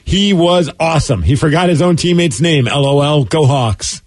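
A man's voice: a little high, fairly quick, no echo, clean studio sound. A man co-hosting a morning radio show, joking and musing aloud as he reads out listener texts.

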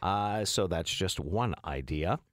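Lively man, morning radio host. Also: sits low, slow, no echo, clean studio sound. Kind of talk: radio news read and banter. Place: radio studio. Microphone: studio mic.

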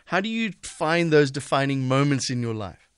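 A man's voice: mid-range voice, very animated, moderate pace, clear, resonant tone, no room sound, clean studio sound. A man hosting a radio interview who asks eager, playful questions. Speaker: radio host.

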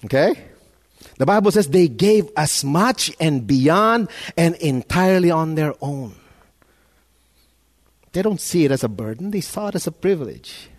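Pastor guy preaching, emphatic, kinda high voice, repeats himself a lot. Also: animated, moderate pace. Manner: emphatic, repeats words, rises and falls in loudness. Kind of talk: sermon.

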